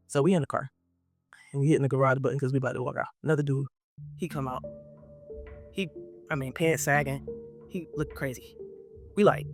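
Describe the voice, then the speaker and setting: Casual male vlogger, animated storyteller, rapid talker. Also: a little high, faint music behind. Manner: animated, acts out quotes, talks straight to viewers.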